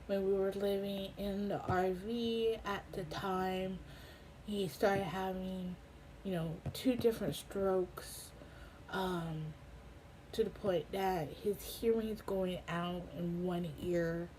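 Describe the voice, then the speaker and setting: Slow, halting woman vlogger. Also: medium pitch, steady tone, warm tone, slight background noise, poor audio. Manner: halting, many ums, gets emotional. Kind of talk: casual personal update. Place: home in a hot desert town.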